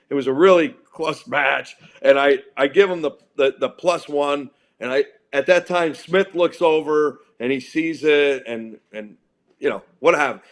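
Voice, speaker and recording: Middle-aged male guest, animated raconteur, mid-pitched, lots of restarts. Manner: excitable, acts out quotes with restarts. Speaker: wrestling event organizer guest. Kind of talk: animated storytelling in a podcast interview.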